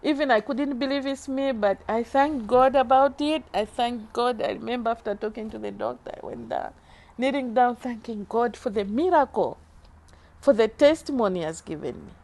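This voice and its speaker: A middle-aged woman giving an earnest, emotional faith testimony in an interview, speaking slowly from the heart. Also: on the high side, a little mellow. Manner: earnest, slow and heartfelt, moved to tears at times. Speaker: church member giving a testimony.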